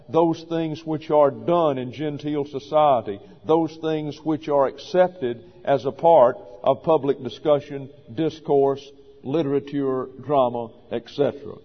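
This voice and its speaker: Older man preaching in a reverberant hall. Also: medium pitch. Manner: measured, deliberate teaching delivery. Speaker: pastor. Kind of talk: sermon. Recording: muffled recording with long reverb.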